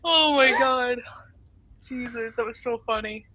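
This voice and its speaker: A young woman, a guest on a casual podcast, tells stories and giggles through them. Her voice is bright and fairly high, and the sound is dry and close, as from a video call. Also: a little slow, no room sound. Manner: giggly, animated storyteller. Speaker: interview guest.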